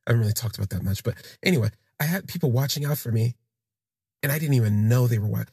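A man telling a personal story in the first person, in a halting, reflective way that trails off and restarts. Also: mid-range voice, animated, a little mellow, slightly rough, no echo, studio quality. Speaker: podcast storyteller.

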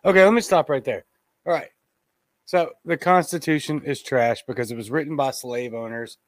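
A man's voice: mid-range voice, moderate pace. A man hosting a live podcast, giving blunt, indignant commentary on a TV clip and talking straight to his listeners. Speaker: podcast host.

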